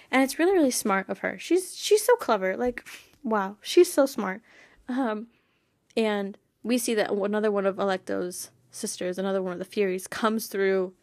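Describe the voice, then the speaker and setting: Young woman podcast host, chatty and excited, laughs a lot, dry close sound. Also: medium pitch, no room sound. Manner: enthusiastic, laughs often. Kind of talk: casual chat.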